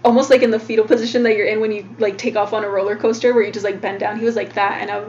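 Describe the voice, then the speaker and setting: A woman's voice: medium pitch, little pitch movement, rapid-fire, darkish tone. A woman co-hosting a podcast in casual chat, talking freely with many fillers and curse words. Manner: chatty, full of "like" and swearing. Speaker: podcast co-host. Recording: dull lo-fi sound with faint noise.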